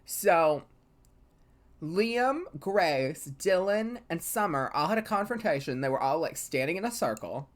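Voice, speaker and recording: A woman with a low voice tells the story of her game in a casual, gossipy way. Her intonation swings widely, and she fills her speech with chatty asides as she recaps the drama. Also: expressive, measured pace. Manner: chatty, gossipy, full of fillers. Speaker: gaming channel host. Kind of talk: casual storytelling over gameplay.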